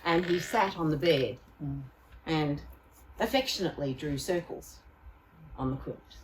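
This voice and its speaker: A woman speaker telling a personal story live, dramatic and expressive, acting out the scenes she recalls. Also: sits low, a little slow. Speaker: keynote speaker. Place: live venue. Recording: distant mic, faint room noise.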